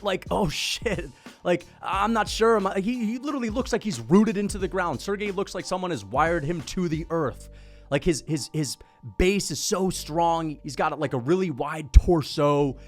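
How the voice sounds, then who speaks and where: Excitable, profane man giving MMA commentary. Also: high voice. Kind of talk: casual commentary.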